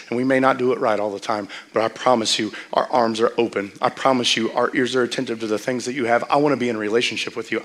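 A man's voice: fairly low pitch, fairly bright tone. A man preaching a sermon as pastor, telling stories in a conversational way and building to emphatic peaks.

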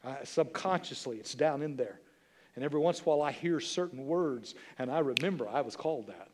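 A man's voice: medium pitch, animated, fairly quick, long reverb tail, a little hiss or hum. A man in his sixties preaching a sermon as pastor, emphatic, with repeated phrases and rhetorical questions to the congregation. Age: 60s. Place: church sanctuary.

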